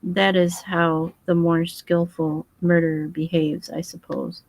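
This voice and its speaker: A woman's voice: fairly low pitch, level tone, a little slow, vocal fry, a little mellow, no room sound, poor audio. A woman voicing an earnest, boyish young English husband who talks frankly and eagerly.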